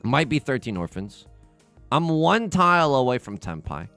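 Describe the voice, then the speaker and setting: A young man giving casual, excitable commentary on his own gameplay, talking to viewers and trash-talking opponents. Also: medium pitch, normal speed, smooth. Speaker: let's play host. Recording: game music underneath.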